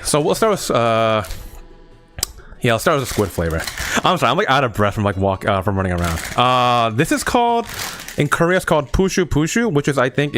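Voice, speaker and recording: A man's voice: mid-range voice, fairly bright tone, a little hiss or hum. A young man streaming, chatting casually to his viewers while reviewing snacks at a table at home, rambling and playful.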